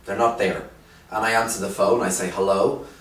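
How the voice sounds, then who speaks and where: A man teaching an English lesson, speaking slowly and clearly with emphasis on key phrases. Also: lowish voice, steady tone, a bit bright, distant mic. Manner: slow, clear, drawn-out teaching with rising emphasis. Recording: roomy echo, voice from off the mic.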